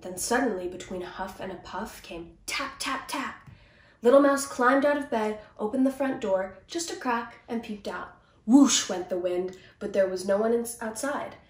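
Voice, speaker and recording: A woman actor reading a children's picture book aloud with gentle, expressive storytelling. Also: medium pitch, normal speed. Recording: roomy, distant mic.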